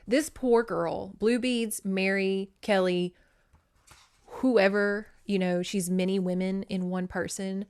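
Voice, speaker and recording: A young woman hosting a podcast, talking through a book she just read in a loose, chatty way. Her pitch sits at an ordinary middle height, and she drops swear words freely while acting out scenes. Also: clear, resonant tone. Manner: chatty, swears a lot, acts out characters. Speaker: podcast host. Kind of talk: casual book recap.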